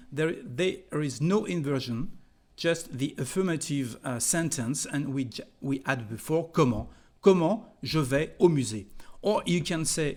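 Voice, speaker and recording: A man's voice: fairly high pitch, darkish tone. A man with a French accent, teaching French to English speakers and repeating example phrases patiently. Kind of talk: language lesson.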